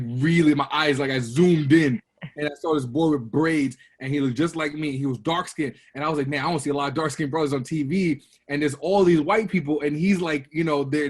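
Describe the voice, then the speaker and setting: Animated storytelling man from Brooklyn. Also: on the high side. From Brooklyn, New York. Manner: animated storyteller, acts out quotes with a raised voice. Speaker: guest. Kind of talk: casual interview storytelling.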